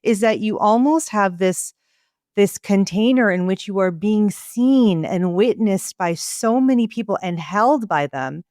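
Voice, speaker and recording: A woman's voice: medium pitch, animated, unhurried, darkish tone, no echo, clean studio sound. A middle-aged woman hosting an interview, reflective and affirming. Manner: reflective, affirming with frequent short responses. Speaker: podcast host, physician. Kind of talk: conversational interview.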